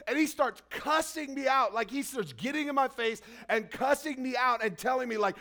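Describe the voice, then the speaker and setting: A man with a high-pitched voice gives a sermon in a church hall. He talks in a loose, conversational way and tells stories, putting on the voices of the people he quotes. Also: animated, normal speed, bright, forceful tone. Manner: storytelling, conversational, acts out quotes. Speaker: pastor.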